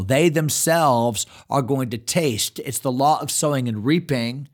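Male pastor, mid-range voice, earnest expository preaching with lively paraphrase. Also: mid-range voice, unhurried, few pauses. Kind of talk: expository sermon. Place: church.

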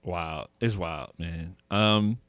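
A man's voice: low-pitched, extremely slow, a bit bright, dry recording, clean studio sound. A man co-hosting a podcast, talking in a laid-back, hesitant way full of slang. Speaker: podcast co-host. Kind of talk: casual podcast chat.

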